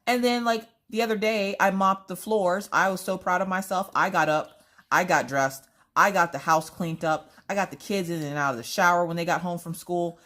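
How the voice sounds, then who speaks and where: A woman's voice: fairly low pitch, normal speed. Theatrical woman chatting while crafting. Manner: animated, theatrical storytelling. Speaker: crafting vlogger. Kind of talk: casual chat while crafting.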